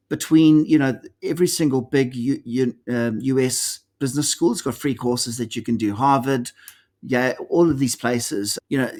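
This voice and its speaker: A middle-aged man speaks in a mid-range voice as a guest in a conversational interview. He tells stories animatedly and slips into the voices of the people in them. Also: mid-range voice. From South Africa. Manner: animated storyteller, acts out quoted dialogue. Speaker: executive coach guest.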